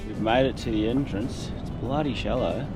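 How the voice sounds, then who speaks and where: A man in his thirties with an Australian accent, chatting casually in a travel vlog, relaxed and laughing often. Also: mid-range voice, moderate pace. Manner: laid-back, laughs often, storytelling. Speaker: vlogger. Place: outdoors, coast and van. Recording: music playing over the voice.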